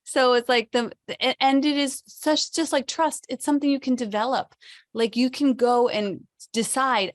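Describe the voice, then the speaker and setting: A woman's voice: on the high side, expressive, normal speed, no room sound, studio quality. A woman guest on an online discussion panel sharing her thoughts with enthusiasm over a video call. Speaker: webinar guest. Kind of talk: casual group discussion.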